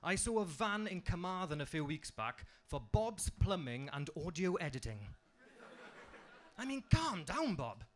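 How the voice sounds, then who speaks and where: A man's voice: fairly high pitch, expressive, moderate pace, hardly any pauses. A young man with a strong Welsh accent performing a stand-up comedy set on a club stage, delivering punchlines dryly. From Wales.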